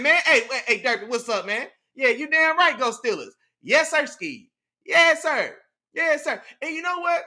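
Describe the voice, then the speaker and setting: A man hosting a casual sports talk show, animated and slangy, reacting to his live chat and breaking down plays. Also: high voice, normal speed. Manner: animated, slangy, repeats "you know what I'm saying". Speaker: podcast host.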